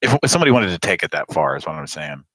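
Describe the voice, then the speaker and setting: A man's voice: extremely low pitch, sing-song, very fast, fairly bright tone, no room sound, rough recording. A man hosting a live prank call show, chatting casually and rambling with lots of fillers and laughs. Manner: rambling, hesitant, laughs often.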